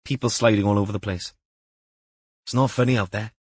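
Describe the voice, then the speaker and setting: A man's voice: lowish voice, fairly even intonation, fairly quick, a little mellow, husky, dry recording. A man voicing an eager, jokey young detective constable. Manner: eager, upbeat, joking.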